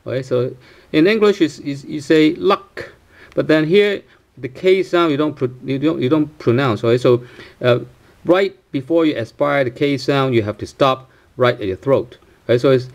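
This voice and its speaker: A man's voice: fairly high pitch, lively intonation, moderate pace. A male teacher walks through a pronunciation lesson, stopping often with fillers and checking in with "right?" He repeats each sound several times so learners can copy it. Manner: hesitant, many fillers and tag questions, repeats sounds for practice. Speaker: language teacher.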